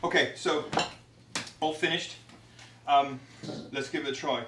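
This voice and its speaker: A man's voice: a little high, fairly even intonation, unhurried. A man hosting a home cooking demonstration in a hammy, put-on comic accent, giving chatty step-by-step instructions in his kitchen. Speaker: cooking show host. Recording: echoey kitchen with background noise. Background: sizzling and clattering pans.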